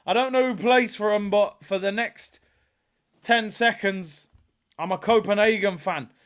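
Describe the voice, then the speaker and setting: A man hosting a live football watchalong, bantering and trolling rival fans, bursting into shouts at big moments. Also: high voice, a little slow.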